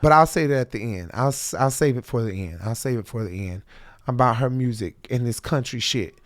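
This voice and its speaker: A man's voice: mid-range voice, animated, a little fast, dry recording, clean studio sound. A man hosting a reaction show, ranting bluntly and profanely about a reality episode. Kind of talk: casual reaction commentary.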